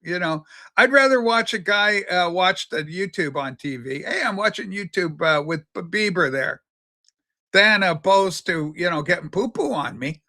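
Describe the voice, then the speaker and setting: Bright-voiced older trans woman host. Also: on the low side, expressive, normal speed. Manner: rambling, chatty, many fillers and restarts. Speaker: livestream show host. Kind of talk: casual rambling livestream chat.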